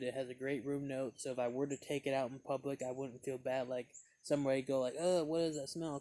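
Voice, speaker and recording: A man's voice: medium pitch, dark tone, dry recording. A man reviewing pipe tobacco in a casual, meandering way, with lots of fillers and restarts as he tells a story.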